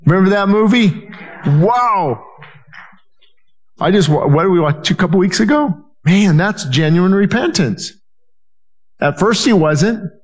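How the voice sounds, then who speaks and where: Male pastor, sermon delivery, earnest, repeats himself, voices quoted people, fairly high voice. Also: lively intonation, measured pace, pauses often. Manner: earnest, repetitive, restarts phrases, acts out quoted voices.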